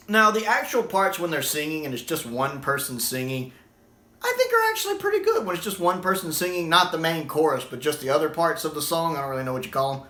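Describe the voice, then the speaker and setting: A man's voice: on the high side, fairly bright tone. A man giving a casual spoken review of a video, chatty and laughing often between remarks. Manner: chatty, repeats himself, self-corrects. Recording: echoey room.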